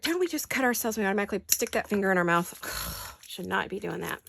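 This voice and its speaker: Chatty woman with a gravelly voice. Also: medium pitch, lively intonation, fast talker, a bit bright. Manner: rambling, self-talking, playful. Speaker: crafting channel host. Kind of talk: chatty craft-along narration. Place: home craft studio.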